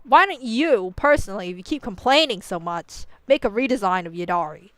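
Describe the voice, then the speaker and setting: A woman's voice: medium pitch, animated, a little fast, fairly bright tone, no room sound. A young woman ranting casually and playfully, laughing often and filling her talk with "like" and "you know". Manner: playful, slightly profane. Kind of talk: casual rambling commentary.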